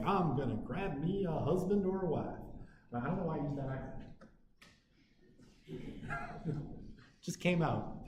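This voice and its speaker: A man's voice: mid-range voice, a little mellow, a little hiss or hum. A male university lecturer giving a casual classroom lecture, talking conversationally and often tagging his points with "right?" and "you know". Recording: echoey room with faint ambience.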